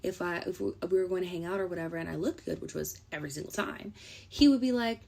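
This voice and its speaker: Woman, casual storytelling, playful and dramatic, husky, gravelly fry. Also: lowish voice, steady tone, rapid-fire.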